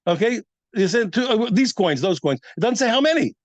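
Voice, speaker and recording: Man teaching talmud, high lively voice, repeats himself, dry dull lo-fi sound. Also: fairly quick, no echo. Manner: animated, repeats phrases while thinking aloud. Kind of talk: daily Talmud class.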